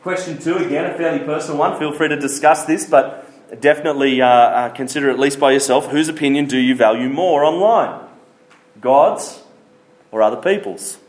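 A man's voice: a little high, moderate pace. A man giving a casual, jokey church talk and asking the room questions. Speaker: youth speaker. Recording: echoey hall.

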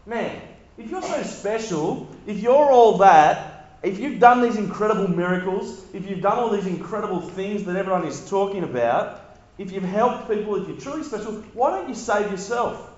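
A man's voice: high-pitched, lively intonation, normal speed, a little mellow, pitched above the performer's own voice. A man voicing a sneering mocker who taunts a condemned man, in a raised, scornful voice. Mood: taunting. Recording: very echoey, dull lo-fi sound.

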